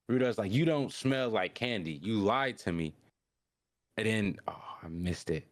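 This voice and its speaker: A man's voice: lively intonation, moderate pace, dry recording, studio quality. A man hosting a podcast, casually recapping an anime episode in a rambling way and acting out the characters' lines. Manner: rambling, acts out characters' lines in higher voices. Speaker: podcast host.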